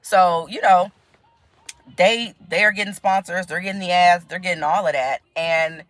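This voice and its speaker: A woman's voice: fairly low pitch, moderate pace, no echo. An American woman talking casually to camera in a vlog, chatty and laughing often. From United States. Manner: chatty, laughs often, quotes others in animated voices. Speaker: vlogger.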